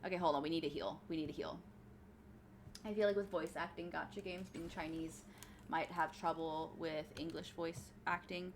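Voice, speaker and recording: A woman's voice: deep voice, steady tone, normal speed, slight background noise. A woman streamer chatting casually with her viewers while she plays, rambling with many fillers as she answers chat. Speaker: streamer and actor.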